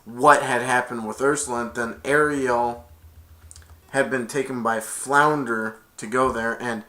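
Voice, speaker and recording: Casting: male reviewer, bright tone, rambling plot recap with self-corrections. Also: medium pitch, fairly even intonation, measured pace. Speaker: movie reviewer. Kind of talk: casual movie recap.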